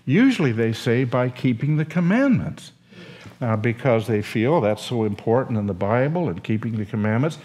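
An older man, a seminary professor, telling a story and lecturing in an animated, emotional way with acted quotes. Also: mid-range voice, moderate pace, husky.

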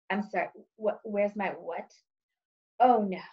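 A woman's voice: mid-range voice, unhurried, dark tone, lo-fi sound. Sarcastic woman reading her own book. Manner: sarcastic, wry and exasperated. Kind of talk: audiobook-style reading.

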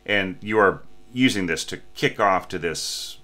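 A man teaching orchestration, talking through a student's score in a halting, restarting way, often checking in with "right?" and sometimes singing or breathing out the phrasing. He says he is a little sleepy. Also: sits low, bright, forceful tone. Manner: sings and breathes examples of phrasing. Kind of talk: spoken score critique.

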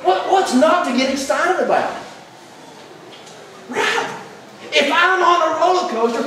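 Exuberant pastor in an echoey hall. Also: male voice, extremely high pitch, animated, a little slow, pauses often, recorded from a distance, background noise. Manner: exuberant, emphatic, builds to shouts. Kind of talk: sermon. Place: large echoey church hall.

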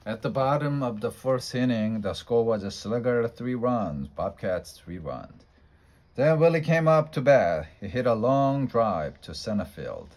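A man reading a children's story aloud in a steady, plain way. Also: medium pitch, measured pace, poor audio. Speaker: storybook reader.

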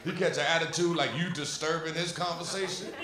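A man's voice: a little high, fairly even intonation, brisk, noisy background. A young male stand-up comedian with a Brooklyn accent, telling a brash, profane story on a club stage. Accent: Brooklyn New York. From Brooklyn, New York. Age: young adult. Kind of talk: stand-up routine. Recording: roomy club with loud crowd laughter.

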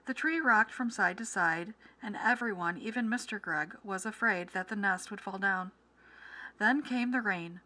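A woman teacher reading a children's story aloud with clear, expressive delivery, then walking through comprehension questions. Her voice is bright and crisp. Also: medium pitch, moderate pace.

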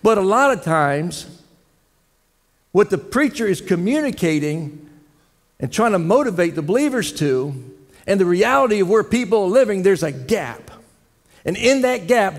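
In a high, very animated voice that moves a little slowly, a man serving as head elder preaches to his church. His folksy sermon mixes jokes with questions to the congregation, and the sanctuary lends it a long, echoing reverb.

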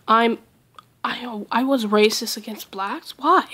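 A young woman reacting out loud to a video she is watching, excitable and giggly, talking back at the screen. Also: on the high side, takes it slowly, slightly rough. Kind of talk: casual reaction commentary.

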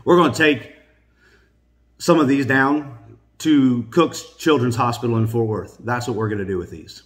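A middle-aged man with a relaxed drawl talks straight to his viewers. He rambles in a folksy, chatty way while he unboxes, with plenty of fillers along the way. His pitch sits right in the ordinary middle for a man. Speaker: unboxing vlogger, host. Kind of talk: casual unboxing chat to viewers.

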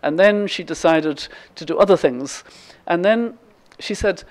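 This woman from Ireland, in her seventies, is a guest lecturer recounting an anecdote with frequent ums and false starts. She speaks a little slowly with few pauses, in a lowish voice of darkish tone.

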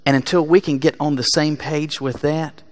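A man preaching a sermon in a church, speaking earnestly and building to emphatic peaks before dropping quiet. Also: a little high, fairly even intonation, moderate pace. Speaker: pastor. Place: church sanctuary.

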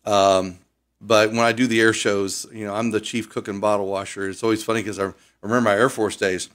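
An older man from Ohio with an Ohio accent, a pilot guest on a radio interview, chatty and animated as he tells stories. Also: lowish voice, fairly quick. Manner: chatty storyteller, animated, fond of doing accents. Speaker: air show pilot.

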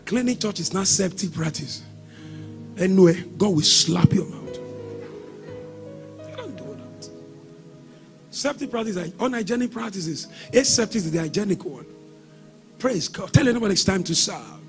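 A man preaching a sermon as pastor, shouting exhortations and breaking into sing-song lines. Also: high voice, animated, normal speed, soft background music.

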